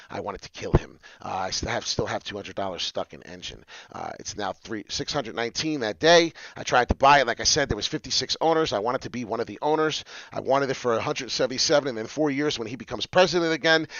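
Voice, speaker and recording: A man hosting a casual crypto video, talking excitably and rambling with lots of filler "uh"s over a screen share, in a dry, slightly dull recording. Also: mid-range voice, dry recording.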